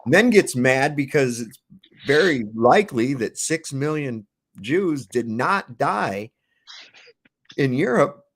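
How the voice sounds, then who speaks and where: A man's voice: medium pitch, expressive, takes it slowly. A man hosting a livestream, reacting to clips with profane, sarcastic commentary and rants. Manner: sarcastic, ranting. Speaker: livestream host.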